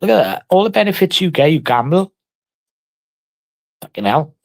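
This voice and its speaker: A man's voice: a little high, very animated, normal speed, vocal fry. A man on a casual livestream, taunting and mock-threatening someone in crude, heavily sworn banter.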